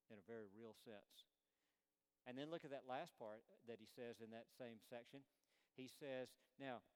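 A man's voice: medium pitch, fairly even intonation, normal speed. Preacher man, dynamic sermon in reverb. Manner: dynamic, swings between emphatic peaks and hushed quoted lines. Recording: long hall reverb.

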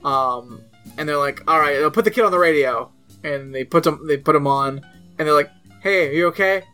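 A man's voice: fairly high pitch, brisk, bright, forceful tone. Male co-host, loose and profane, lots of ums, faint guitar music underneath. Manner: rambling, profane, filler-heavy. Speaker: podcast co-host. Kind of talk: casual chat recapping a TV episode.

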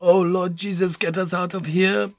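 A man's voice: medium pitch, measured pace, fairly bright tone, husky, dry recording. A male narrator voicing a terrified prisoner who whimpers and pleads in desperation, on a dull, lo-fi recording. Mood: terrified pleading.

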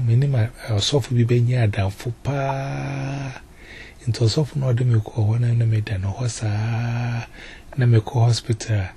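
A man tells his testimony at an easy, rambling pace. He repeats words and slips English into his speech at a mid pitch. Faint ambient noise hums behind him. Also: mellow. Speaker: testimony giver. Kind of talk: spoken personal testimony.

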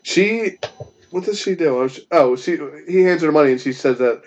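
A man's voice: on the high side, animated, moderate pace, darkish tone. A man co-hosting a podcast in casual chat, easygoing and chuckling often. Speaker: podcast co-host. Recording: dull lo-fi podcast audio.

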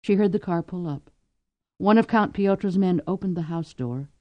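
A woman narrating a novel aloud with expressive, lively storytelling. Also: lowish voice, normal speed, no echo, dull audio. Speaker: audiobook narrator. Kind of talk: scripted narration.

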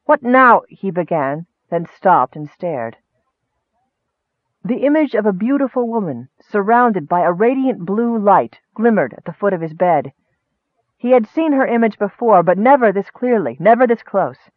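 High-voiced male audiobook narrator. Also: expressive, moderate pace, dry recording. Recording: dry, tinny, narrow-band.

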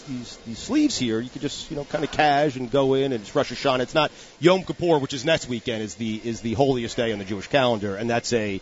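A man's voice: mid-range voice, fairly quick, hardly any pauses, muffled recording, a little hiss or hum. A man in his forties hosting a sports radio show, chatting casually and telling stories with lots of restarts. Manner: animated storyteller with frequent restarts.

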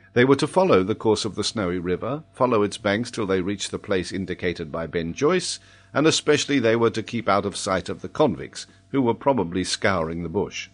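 A man narrating an adventure novel as an audiobook, reading in a measured, even way. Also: fairly low pitch.

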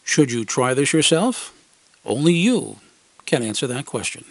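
A man's voice: mid-range voice, sing-song, unhurried, creaky, no room sound. A man reads a wry, scripted first-person story for an amateur radio program. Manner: wry, dry humor, acted quotes. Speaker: radio segment commentator.

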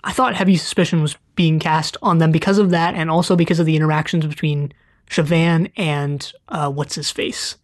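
A mid-pitched voice co-hosting a casual podcast. The speaker is chatty and loose, often trailing off and restarting sentences mid-thought. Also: fairly even intonation, normal speed. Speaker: podcast co-host.

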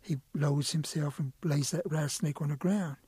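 A middle-aged man spins folk tales in a playful, rhythmic way, now and then stumbling over a word. His voice is fairly high with a slight huskiness. The sound is dry and close. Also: fairly even intonation, moderate pace, mellow, breathy edge, no room sound. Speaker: storyteller. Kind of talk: oral storytelling.

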